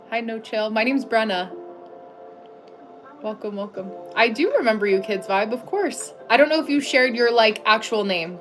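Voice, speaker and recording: A middle-aged American woman hosting a casual livestream, chatting and reading viewers' names aloud in a friendly way, with soft music behind her. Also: medium pitch. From United States. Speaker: livestream host.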